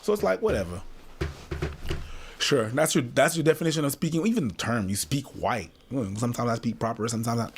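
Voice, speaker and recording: A man's voice: medium pitch, lively intonation, brisk, breathy edge. A man in a casual discussion who speaks bluntly and swears freely, clip played from another video.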